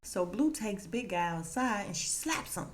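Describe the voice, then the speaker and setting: A woman's voice: medium pitch, lively intonation, normal speed, slight background noise. A woman hosting a podcast, animatedly and chattily recapping a TV episode, laughing often. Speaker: podcast host.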